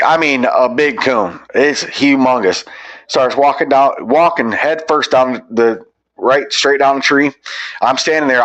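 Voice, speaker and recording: Animated guest man with lo-fi sound. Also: medium pitch. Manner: animated, teasing complaints, laughs mid-story. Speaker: podcast guest. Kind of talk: casual storytelling chat.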